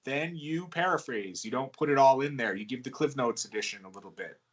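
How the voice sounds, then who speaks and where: A man from the United States, a guest author answering interview questions in a relaxed, rambling way with many fillers. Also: medium pitch, fairly quick, breathy edge, muffled recording. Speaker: guest author and wrestling ghostwriter. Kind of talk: casual podcast interview answers.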